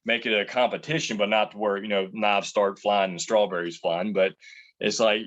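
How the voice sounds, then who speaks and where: Low-voiced man telling long rambling stories. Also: steady tone, moderate pace, fairly bright tone, muffled recording. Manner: rambling, restarts sentences, tells anecdotes. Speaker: chef and entrepreneur. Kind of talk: casual interview answers.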